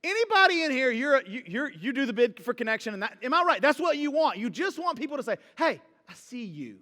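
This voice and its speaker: A man's voice: very high voice, sing-song, quick pace, pushed and bright, big-room sound. A man preaching a sermon as pastor, talking casually and joking with the congregation. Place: church hall.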